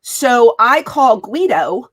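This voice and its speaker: A woman's voice: on the high side, slow pace. A woman guest in an interview, telling a story and acting out the dialogue as she goes. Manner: animated, acts out quoted dialogue. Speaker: wrestling guest.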